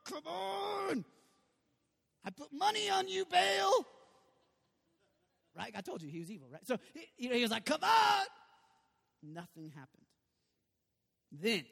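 A man preaching a sermon in an animated, conversational way with sudden loud bursts, in a church sanctuary. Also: fairly high pitch. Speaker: pastor. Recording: long reverb of a large hall.

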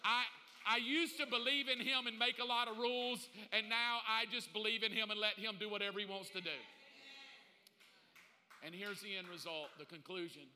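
A man preaching a sermon, swinging from hushed pleading to loud excited preaching, folksy and joking as he acts out little dialogues. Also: high voice, normal speed, in a large hall. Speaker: pastor.

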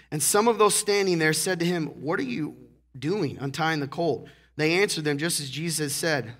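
Joking, animated man preaching a sermon. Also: fairly high pitch, normal speed. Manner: joking, animated, acts out characters; clears throat often. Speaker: pastor.

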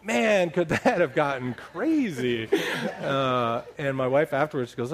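A middle-aged man telling a humorous story to a church congregation, animated and laughing as he talks. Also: medium pitch, normal speed, hardly any pauses. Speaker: church leader sharing a story.

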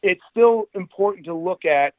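A man's voice: high-pitched, moderate pace, no echo, narrow, tinny audio. A man telling entertainment business stories in a casual podcast chat, acting out quotes as he goes. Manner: animated anecdote teller, acts out quotes. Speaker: guest, entertainment executive.

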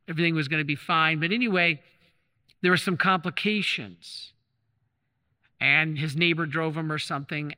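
Bright-voiced priest in an echoing church. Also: male voice, on the high side. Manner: conversational, retells stories with restarts and repetition. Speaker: Catholic priest. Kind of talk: sermon with storytelling. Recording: long reverb of a large hall.

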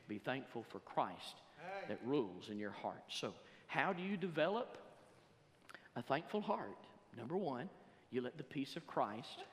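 A man preaching a sermon in a church, reading scripture slowly and building to loud emphatic passages. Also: medium pitch, in a large hall, a little hiss or hum. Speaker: pastor. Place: church sanctuary.

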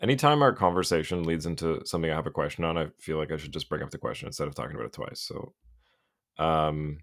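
A man hosting a podcast speaks in a very low register and tells game stories with animated energy. He acts out players' reactions in high, mocking voices. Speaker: podcast host. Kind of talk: casual hockey podcast chat.

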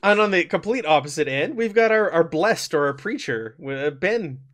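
A man's voice: on the high side, animated, fairly bright tone. A man hosting a tabletop role-playing session as game master, upbeat and explaining the setting and rules as he goes. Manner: upbeat, quick to laugh, explains rules on the fly.

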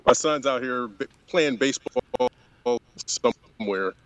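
A man's voice: medium pitch, measured pace, a bit bright, rough recording. A man joining by video call as a guest reporter, dry and wry, speaking from outdoors. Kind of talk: casual sports chat. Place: outdoors, then in a car.

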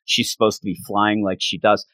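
A man in casual chat, excitedly recapping a comic book issue in a rambling way. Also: on the low side, a little fast, no echo. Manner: enthusiastic, rambling recap with frequent laughs.

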